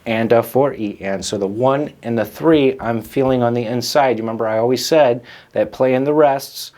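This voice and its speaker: A man's voice: medium pitch, normal speed, darkish tone. Man teaching drums, counting aloud. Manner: friendly and patient, counting beats aloud. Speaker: drum teacher and host. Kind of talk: online drum lesson.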